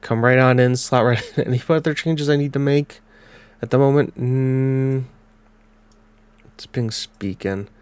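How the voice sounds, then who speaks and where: A man with a blocked nose giving casual let's-play commentary on a football management game, calling the match in quick bursts. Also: mid-range voice, little pitch movement, clear, resonant tone. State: congested. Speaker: gaming commentator.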